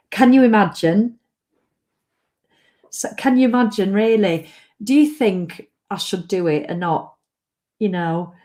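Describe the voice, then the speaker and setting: Chatty woman. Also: mid-range voice. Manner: chatty, lively, reads out comments. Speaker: livestream host. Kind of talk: casual live chat to viewers.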